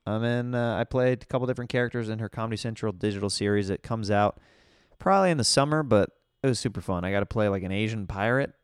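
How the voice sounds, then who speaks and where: A man's voice: lowish voice, fast, smooth, no echo, studio quality. Upbeat man hosting a podcast. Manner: upbeat, rambling, laughs often. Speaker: podcast host. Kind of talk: casual solo podcast chat.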